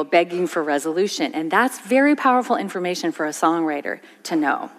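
Woman giving a stage talk in a reverberant hall. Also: on the low side. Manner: expressive, demonstrative, sings short examples. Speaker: songwriting teacher giving a talk.

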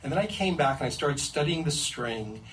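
A man telling a comic first-person adventure story in an animated, suspense-building way. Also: a little high, moderate pace, slight background noise. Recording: distant mic with faint ambience.

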